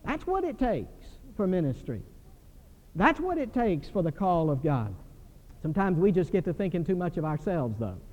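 High-voiced older male preacher, storytelling. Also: big pitch swings, normal speed, a little mellow. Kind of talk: sermon. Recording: dull recording with long hall reverb.

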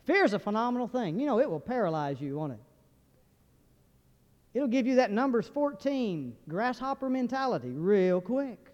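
A man's voice: high voice, sing-song, a little fast, a little mellow. A man preaching a sermon in a folksy, joking way, firing questions at the congregation. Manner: folksy, humorous, asks the crowd questions. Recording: dull recording with long hall reverb.

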